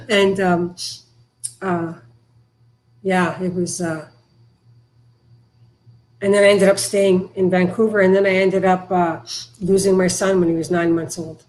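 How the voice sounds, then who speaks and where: A middle-aged woman from Canada speaking frankly and haltingly as a podcast guest about her past. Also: lowish voice, a little mellow, rough recording. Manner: frank, halting, emotional at times. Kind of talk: candid recovery interview.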